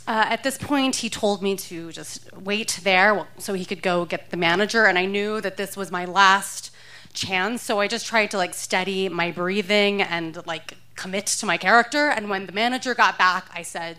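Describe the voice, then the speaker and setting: A woman's voice: mid-range voice, normal speed, pushed and bright. Wry woman telling a story on stage. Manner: wry, self-mocking, often laughing. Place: theater stage before a live audience.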